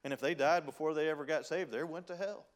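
A man preaching a sermon as pastor, with a Southern country accent, reading scripture in old-style wording and swinging between loud emphasis and hushed pleading. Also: on the high side, fast. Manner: folksy preaching, reads King James scripture.

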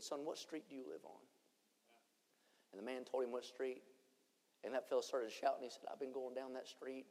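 A man preaching a revival sermon, swinging between shouted lines and hushed ones. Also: medium pitch. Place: church conference hall. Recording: long church hall reverb.

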